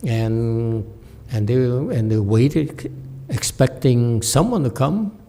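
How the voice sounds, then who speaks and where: Slow, joking Buddhist teacher, a man. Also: medium pitch, animated, mellow. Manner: folksy, self-deprecating humor, frequent "okay?" and chuckles. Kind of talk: dharma lecture with storytelling. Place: temple lecture hall.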